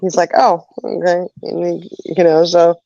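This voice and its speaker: A woman's voice: lowish voice, little pitch movement, normal speed, gravelly, dark tone, dry recording. A woman hosting a casual livestream chat, telling stories with frequent laughter. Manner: chatty storyteller, laughs often. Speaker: host of a live chat show. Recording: dull lo-fi dry sound.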